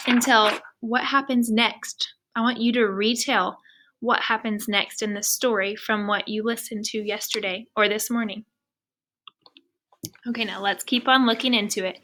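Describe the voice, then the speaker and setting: A woman's voice: on the high side, pushed and bright, a little hiss or hum. A woman teacher reading a picture book aloud to young students, patient and asking many questions.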